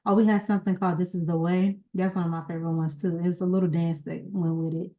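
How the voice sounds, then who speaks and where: A woman hosting her own channel, casually reminiscing in a rambling, chatty way, pausing to search for words and a little sleepy. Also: fairly low pitch, little pitch movement, mellow, low-quality recording. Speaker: genealogy channel founder and host.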